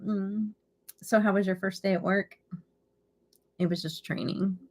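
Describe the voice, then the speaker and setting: A woman's voice: medium pitch, steady tone, measured pace. A middle-aged woman hosting a beauty live stream, chatting casually and laughing often. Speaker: beauty channel host.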